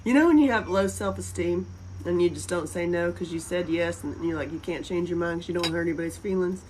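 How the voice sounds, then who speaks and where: A woman's voice: fairly low pitch, steady tone, a little fast, noisy background. A woman from North Carolina with a Southern accent, chatting casually and rambling on a livestream. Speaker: livestream host.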